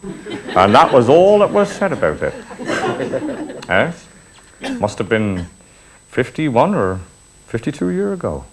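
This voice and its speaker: A man's voice: medium pitch, wildly swooping pitch, takes it slowly, long pauses, heavy background noise. A man, telling an old reminiscence in broad dialect with chuckles. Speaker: storyteller. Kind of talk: spoken reminiscence, folk tale.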